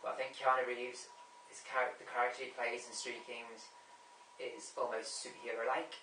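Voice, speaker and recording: A man's voice: medium pitch, little pitch movement, moderate pace, bright, forceful tone, a little hiss or hum. A man chatting casually about films, rambling and repeating himself as he forgets names. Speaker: movie vlogger ranking a top ten. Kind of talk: casual rambling film chat. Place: room at home. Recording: echoey room, mic at a distance.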